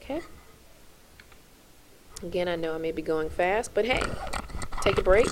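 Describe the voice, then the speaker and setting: A woman's voice: on the low side, lively intonation, normal speed, background noise. A woman teaching a French lesson to her class, spelling out verb endings in a chant and checking in with "okay?" as she goes.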